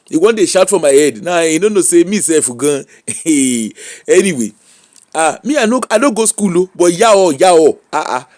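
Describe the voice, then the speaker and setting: A Nigerian man rants on a live stream in a voice that sits high for a man. He talks in an animated, mocking way and slips into teasing sing-song bits. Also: normal speed. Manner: animated Pidgin rant, mocking, laughing. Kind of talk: ranting live-stream monologue.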